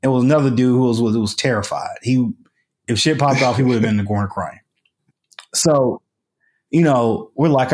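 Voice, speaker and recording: A man's voice: mid-range voice, brisk. Chatty man telling a story. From United States. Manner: animated, colloquial, lots of fillers and restarts. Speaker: podcast guest. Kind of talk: casual storytelling.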